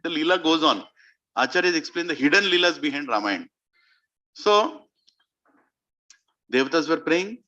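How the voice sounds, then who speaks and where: A man preaching, telling a sacred story in an animated way and asking his audience questions. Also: a little high, muffled recording. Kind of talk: storytelling sermon.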